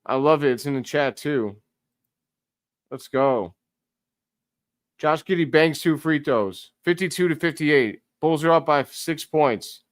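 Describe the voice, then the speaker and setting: A man hosting a live stream, giving casual play-by-play commentary as an excitable fan who talks to his chat. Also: a little high, measured pace, long pauses, no echo, studio quality.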